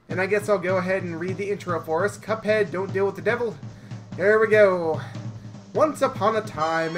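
A YouTube gamer chatting through a let's play, casual and self-deprecating, reading the game's story aloud. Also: mid-range voice. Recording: game music behind.

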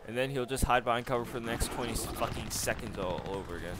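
A man's voice: mid-range voice, fast, hardly any pauses. A man giving profane, sarcastic commentary over his own video game play, ranting and swearing at it. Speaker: gamer commentator. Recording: game audio noise behind.

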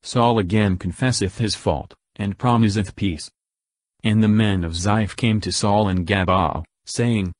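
A man reading scripture aloud in a steady, measured, verse-by-verse delivery. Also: lowish voice, no room sound. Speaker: Bible reader.

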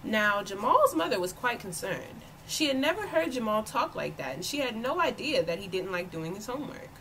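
Expressive woman reading a children's book. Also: medium pitch, moderate pace, a little hiss or hum, low-quality recording. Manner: expressive storytelling. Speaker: volunteer reader.

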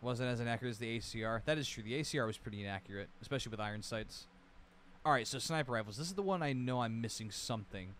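A man's voice: mid-range voice, lively intonation, racing, fairly bright tone, slight background noise. Casual, rambling male game streamer. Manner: rambling, nostalgic, swears casually, reads out lists. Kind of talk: casual livestream commentary.

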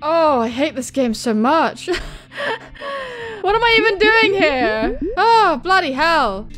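A woman hosting a let's-play video, excitable, yelping, swearing and laughing at her own failures as she plays. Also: high-pitched, takes it slowly, over music. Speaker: gaming video host.

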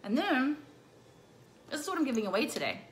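A woman's voice: high-pitched, sing-song, a little fast, slight background noise. A middle-aged woman chatting casually through a makeup tutorial, bubbly and playful, with silly rhyming words. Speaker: makeup vlogger.

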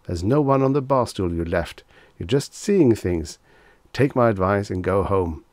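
A man's voice: on the low side, animated, unhurried, a little mellow, no echo. A man voicing a tall, peevish young man who speaks in clipped sentences with patient condescension. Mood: curt, patient.

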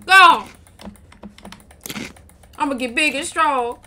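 Woman gaming, high lively voice, bragging and trash talking, keyboard clicks behind. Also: takes it slowly, a little hiss or hum. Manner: playful, boastful trash talk. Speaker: gaming channel co-host. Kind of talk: casual gameplay commentary.

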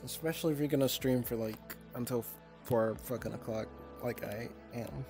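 A man's voice: medium pitch, normal speed, music in the background. A man livestreaming, chatting casually with his viewers, swearing often, laughing easily and getting flustered and teasing in turn. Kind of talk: casual stream chat with viewers.

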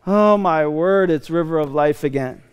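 A male pastor acting out an exasperated heavenly figure, loudly complaining about someone who keeps coming back. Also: fairly high pitch, normal speed, clean tone, pitched below the performer's own voice, close to an everyday voice. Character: exasperated heavenly man, fed up with a repeat asker.

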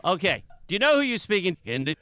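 A radio host making a prank phone call in a calm, provoking way, playing innocent. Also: male voice, high-pitched, fast talker, noisy background.

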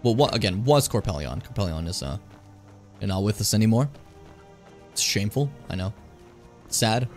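A man with a lowish voice streams a fantasy RPG, keeping up casual, animated commentary, joking and addressing his chat. He talks at a moderate pace, pauses often, and faint music runs behind him.

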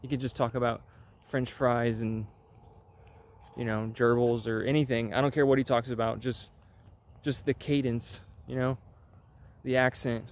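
A man chats loosely to his viewers in a rambling, wry vlog. His voice sits at an ordinary middle pitch, and his delivery is offhand and meandering. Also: level tone, moderate pace. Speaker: channel host. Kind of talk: casual vlog chat.

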